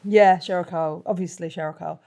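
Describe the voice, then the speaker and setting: A woman comedian as a guest in a casual chat interview, joking in quick banter. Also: fairly low pitch, fairly even intonation, vocal fry, mellow.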